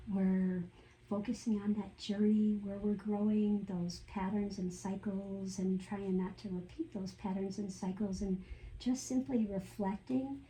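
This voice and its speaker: A woman hosting a spiritual channel, giving gentle, reassuring astrology guidance in a chatty way with lots of fillers. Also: medium pitch, rough recording. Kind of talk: casual spiritual guidance talk.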